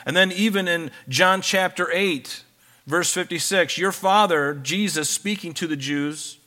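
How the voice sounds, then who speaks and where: A man delivers a sermon in a bright, forward voice that sits a little high for a man. He reads scripture passages aloud, then turns to plain, conversational explanation. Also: a little slow. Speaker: preacher.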